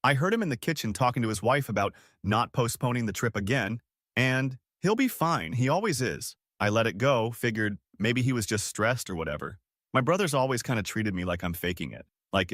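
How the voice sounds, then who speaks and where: Lively-voiced man reading a story. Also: fairly low pitch, dry recording, clean studio sound. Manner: casual, conversational storytelling. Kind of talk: reading a first-person online story aloud.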